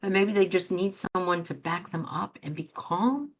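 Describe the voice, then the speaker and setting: On a dull-sounding lo-fi recording, a woman life coach and show host speaks at normal speed in a lowish voice. Her talk is earnest and motivational, and she acts out quoted reactions for her listeners.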